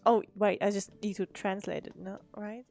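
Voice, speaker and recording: A woman streamer chatting through a game, excitable and quick to laugh and shout. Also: medium pitch, soft background music. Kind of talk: casual live-stream commentary.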